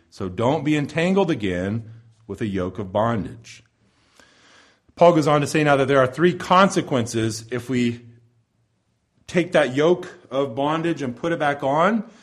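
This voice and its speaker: A man preaching an expository sermon in a church, emphatic, with wide swings in pitch and loudness and slowing down on key phrases. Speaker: pastor.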